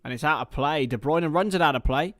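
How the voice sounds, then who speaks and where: A man doing chatty live football commentary for a watchalong stream, excitable and talking to his viewers. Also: on the high side, fairly quick, dry recording.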